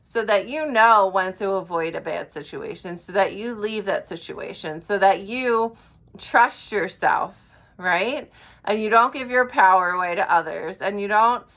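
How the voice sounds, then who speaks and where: Expressive and measured, with a mid-range voice and a sharp tone, a woman life coach talks directly to the camera. Her earnest message comes across bluntly, peppered with casual swearing and regular check-ins with listeners after each point.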